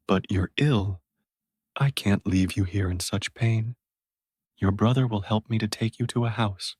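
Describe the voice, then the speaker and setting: A kindly passing stranger from a storybook, voiced by a man. The voice is low-set, slow and husky, close to the reader's own. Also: darkish tone, no room sound.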